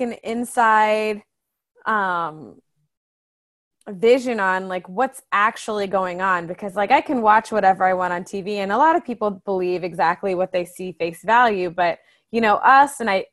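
A woman's voice: mid-range voice, a bit bright. A woman co-hosting a casual podcast chat, chatty, quoting people and laughing easily. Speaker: podcast co-host.

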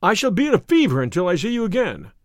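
A man's voice: high voice, huge pitch swings, quick pace, no room sound, studio quality, full character voice. A man voicing an anxious, ailing young male diplomat who speaks fervently and earnestly.

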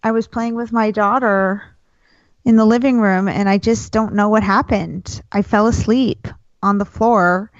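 A woman co-host tells a relaxed, self-deprecating story in casual chat. Her recording is slightly dull and dry. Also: medium pitch, normal speed, no echo. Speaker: podcast co-host. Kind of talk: casual chat among friends.

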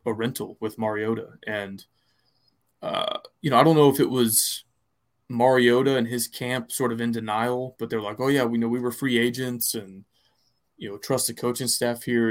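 A man's voice: medium pitch, fairly even intonation, normal speed. A man co-hosting a podcast, chatting casually about football in a rambling way, full of restarts and fillers. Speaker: podcast co-host. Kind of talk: casual sports chat.

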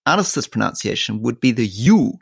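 A man hosting a political talk podcast, his voice gravelly and a little husky, recorded dry and close. He speaks with lively ups and downs, playful and halting, repeating words as he builds his point. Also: mid-range voice, dry recording. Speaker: podcast co-host. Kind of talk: casual political chat.

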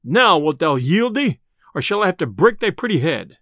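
A man voicing a grim, angry male tinker in a storybook reading, gruff and threatening. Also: a little high, sing-song, moderate pace, sharp tone, no echo, studio quality, exaggerated voice.

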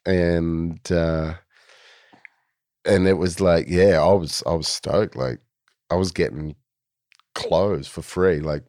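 A man's voice: low voice, steady tone, takes it slowly, long pauses, darkish tone, no echo, clean studio sound. An Australian man in his forties, a guest telling stories in a laid-back, rambling way with plenty of fillers. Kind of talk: casual storytelling.

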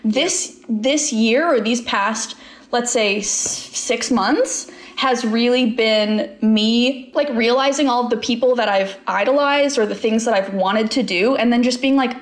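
A woman's voice: a little high, measured pace, roomy sound. A woman from Canada, a podcast guest chatting casually, giggly and full of "like".

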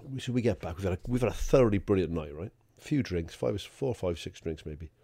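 A man's voice: low voice, expressive, fast, warm tone, husky. A man, a podcast co-host, telling a rambling anecdote, swearing freely and laughing as he goes. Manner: swears freely, laughs through his story.

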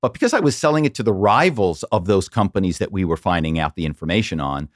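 Lowish middle-aged guy telling stories on a podcast, dry close sound, animated. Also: fast, no room sound. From Philadelphia area, US. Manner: animated storyteller, slips into quoted voices. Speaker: podcast guest, former corporate spy. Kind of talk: casual interview storytelling.

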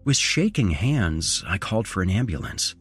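Male horror podcast host: very low voice, animated intonation, measured scripted narration. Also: faint music behind. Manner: measured storytelling with dramatic rises in intonation.

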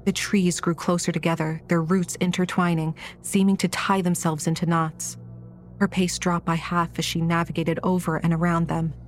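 A woman reading a horror audiobook in a measured, scripted narration style. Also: fairly low pitch, level tone, faint music behind.

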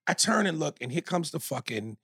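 A man from New York telling a long, profane story on a podcast, animated and acting out quotes. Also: a little high, brisk, slightly rough, dry recording. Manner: animated, swears freely, acts out quotes. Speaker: podcast co-host.

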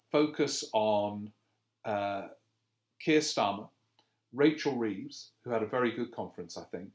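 A man hosting a political podcast, reading listener questions and answering them in a halting way, full of fillers and self-corrections. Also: lowish voice. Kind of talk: casual political commentary.

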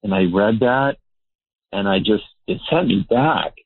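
A man's voice: on the low side, expressive, a little slow, slightly rough, dry recording. A male researcher, interviewed as a guest, explaining his ideas in an earnest, emphatic way. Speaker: behavior researcher. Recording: tinny phone-like line.

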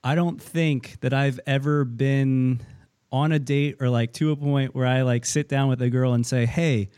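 Relaxed young male co-host, mellow voice. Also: mid-range voice, moderate pace, smooth, dry recording, clean studio sound. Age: 20s. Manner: relaxed, chuckling, self-deprecating. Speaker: podcast co-host. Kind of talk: casual interview chat.

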